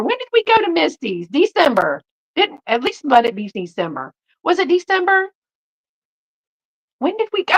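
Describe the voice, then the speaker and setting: Lady hosting a live chat, high voice that jumps all over, giggles a lot. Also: a bit bright, rough recording. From Texas. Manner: chatty and giggly, frequent laughter. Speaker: thrift haul livestream host. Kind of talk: casual live chat with viewers.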